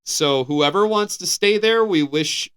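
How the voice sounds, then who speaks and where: American male co-host, fairly high and crisp, animated headline reader with easy laughs. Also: a little slow. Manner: animated, laughing, stumbling restarts while reading. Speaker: podcast co-host. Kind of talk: casual podcast chat, reading headlines.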